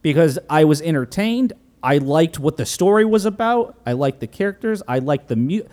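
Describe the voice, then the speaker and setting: Brief: thirties male co-host, slightly high pitch, earnest and deliberate, casual film chat. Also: animated. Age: 30s. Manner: earnest, weighs his points out loud. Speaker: podcast co-host.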